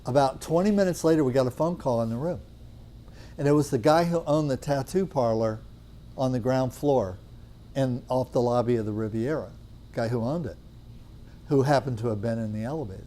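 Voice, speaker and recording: A man's voice: medium pitch, fairly quick, warm tone. A middle-aged man who teaches natural medicine tells a rambling anecdote to a class, acting out the dialogue with lots of chatty fillers.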